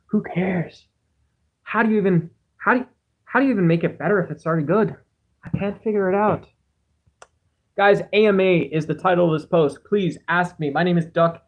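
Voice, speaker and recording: A man's voice: high voice, fairly quick, narrow, tinny audio. A man hosting a casual livestream, reading chat aloud and rambling through musings in a self-deprecating way on a cheap home microphone. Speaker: livestream host.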